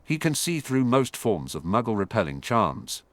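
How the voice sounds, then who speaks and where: A man reads the part of a clever, composed teenage witch in a fantasy audiobook. She speaks with measured care in a low, lively voice, recorded dry and close. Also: no echo.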